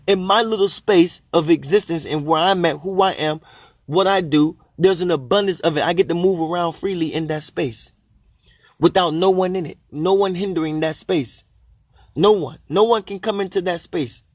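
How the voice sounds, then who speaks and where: A man giving a spiritual monologue, repeating phrases emphatically and drawing key lines out slowly, with bursts of delighted exclamation. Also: sits high, dry recording. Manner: exclaims in delight at his own ideas. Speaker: spiritual teacher.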